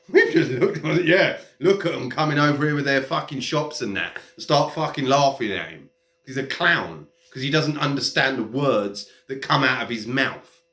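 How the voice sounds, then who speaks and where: A man's voice: mid-range voice, fairly bright tone. A man delivering a heated, profane, mocking rant straight to camera. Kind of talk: ranting monologue. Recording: echoey room.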